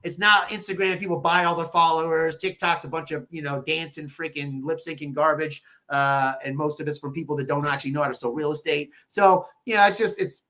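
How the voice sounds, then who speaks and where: A man with a high voice, talking as a podcast guest. He tells stories in a loose, animated way and swears freely. He slips into lively voices when he quotes people. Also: fairly quick, few pauses. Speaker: podcast guest, real estate agent. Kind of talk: casual podcast interview.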